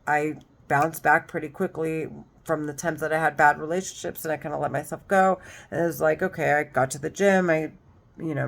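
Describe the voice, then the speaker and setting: Agitated, swearing woman vlogger. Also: sits low. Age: adult, mother of children. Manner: agitated, rambling, heavy swearing. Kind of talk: personal monologue to camera.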